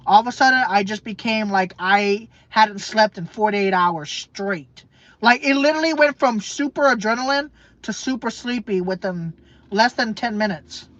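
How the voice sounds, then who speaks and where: A man's voice: sits high, moderate pace, pushed and bright, dry recording. A man telling a personal story in a rambling way, repeating himself and often restarting his sentences. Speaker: vlogger. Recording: dull, dry lo-fi recording.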